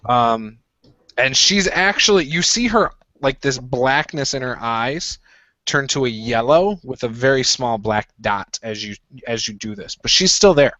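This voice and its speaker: A man's voice: medium pitch, a little slow, dry recording. Laid-back male game master, lo-fi audio. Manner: relaxed, chatty, with frequent "uh" and "um" fillers. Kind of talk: running a tabletop game, casual narration.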